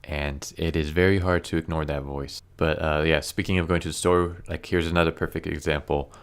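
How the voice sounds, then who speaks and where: A man talking casually and earnestly to camera, halting often with fillers and restarts. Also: extremely low pitch, fairly even intonation, smooth. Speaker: YouTuber reviewing comics. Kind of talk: casual personal commentary.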